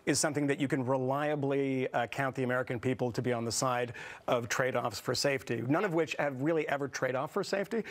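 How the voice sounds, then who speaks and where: A man arguing as a panelist on a TV talk show, talking quickly with frequent restarts. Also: medium pitch. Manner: rapid, argumentative, with restarts. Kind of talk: TV panel debate.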